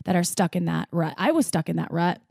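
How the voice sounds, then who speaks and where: A young woman from the US Midwest co-hosting a podcast, chatting and telling stories in an animated way. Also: lowish voice, a little fast, creaky, slightly rough, no room sound, studio quality. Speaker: podcast co-host. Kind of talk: casual chat.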